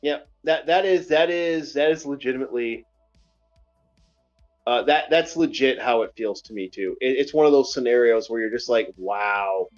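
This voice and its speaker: A man hosting a casual online book-review chat, emphatic and animated, repeating himself often. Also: medium pitch, normal speed, lo-fi sound, soft background music. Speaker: podcast host.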